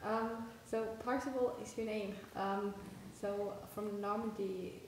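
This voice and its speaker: A woman interviewer asking soft-spoken, hesitant questions in a casual interview. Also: medium pitch, fairly even intonation, slow, very echoey, low-quality recording.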